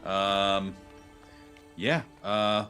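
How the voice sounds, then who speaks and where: A man voicing a simple, halting bard who stumbles through his words with many pauses. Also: deep voice, fairly even intonation, pushed and bright, smooth, soft background music, heavily acted. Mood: bashful. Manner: halting, full of ums and uhs. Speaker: player.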